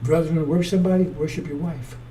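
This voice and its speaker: Very fast and dark-toned, this man's voice sits on the high side with fairly even intonation. He rambles through a fiery, profane, blunt street-style sermon, recorded from a distance with faint noise.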